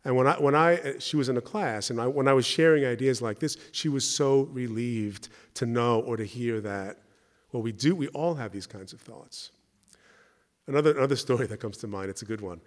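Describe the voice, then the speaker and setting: A man's voice: medium pitch, a little fast. Conversational male speaker in a reverberant hall. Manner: conversational, keeps checking with the audience by asking "right?". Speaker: speaker at a church gathering. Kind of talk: spoken talk with anecdotes.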